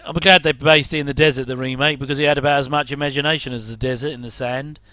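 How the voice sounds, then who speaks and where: A man's voice: mid-range voice, fairly even intonation, quick pace, bright, forceful tone, no echo. A middle-aged English man rambling casually through a reaction commentary, with chatty, self-deprecating asides. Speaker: host.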